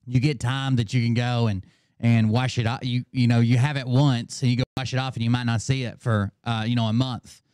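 Smooth-voiced man in casual commentary. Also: medium pitch, flat delivery, fairly quick, darkish tone, no room sound, clean studio sound. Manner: rambling, mocking, laughs often. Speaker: host reacting to clips.

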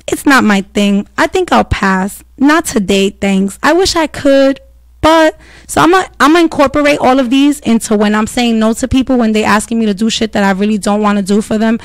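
Woman host, fairly high voice, dry close sound, blunt and animated. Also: no room sound. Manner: blunt, profane, animated storytelling with quick asides. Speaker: podcast host. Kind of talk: casual solo chat.

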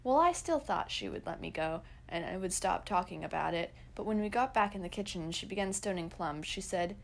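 A teenage girl narrating old diary entries and poems in an earnest, expressive way. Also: medium pitch, brisk, gravelly, hardly any pauses. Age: teens.

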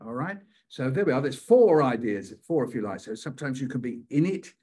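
A man's voice: medium pitch, big pitch swings, brisk, mellow, husky. An older British man leading a poetry workshop, telling childhood stories playfully and repeating phrases in rhythm. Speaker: poet leading a writing workshop. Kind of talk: storytelling poetry lesson.

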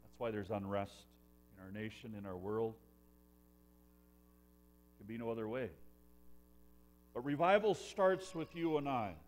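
A man preaching a sermon in a church, earnest, swinging between loud emphasis and hushed lines. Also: on the low side, measured pace, pauses often. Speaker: pastor.

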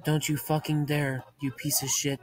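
A man giving profane, deadpan muttered commentary while playing a video game, framed as a mock ASMR video. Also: a little high, moderate pace, soft background music. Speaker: gaming channel host.

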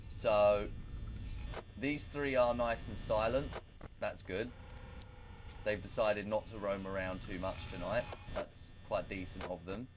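A man's voice: deep voice, background noise. A man hosting a horror game let's play, talking nervously, swearing a lot and mocking himself. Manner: nervous, profane, self-mocking. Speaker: gaming channel host.

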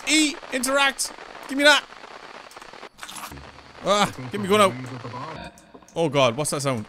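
A young Irish man playing a horror game, talking loudly and excitedly, swearing and yelping when startled. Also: high-pitched, unhurried, long pauses, slight background noise, low-quality recording. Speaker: gaming YouTuber.

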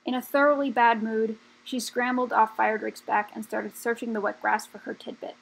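A woman reads a children's story aloud, steady and measured. Her fairly high voice has a gravelly, husky grain throughout. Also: poor audio. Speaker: audiobook reader. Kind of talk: children's book read aloud.

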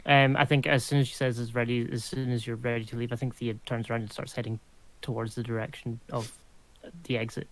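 A man's voice: medium pitch, level tone, a little fast, low-quality recording. A man playing a tabletop game, hesitantly describing what his character does as he thinks aloud. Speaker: player.

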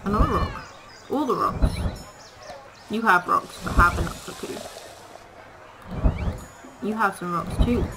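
A woman's voice: medium pitch, measured pace, long pauses, music in the background. A woman casually commenting on her gameplay, chatting to the animals in the game and laughing often. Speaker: gaming video creator. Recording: noisy home recording.

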